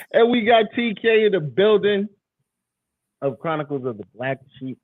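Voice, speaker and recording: A man hosting a podcast in casual, teasing, slangy talk, also reading sponsor shout-outs. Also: sits high, big pitch swings, unhurried, dry recording. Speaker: podcast host. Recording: dry, phone-like thin sound.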